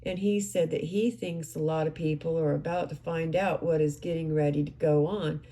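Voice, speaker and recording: A woman's voice: low-pitched, steady tone, moderate pace, warm tone. A woman narrating a true-crime case recap, recounting events and quoting what others said.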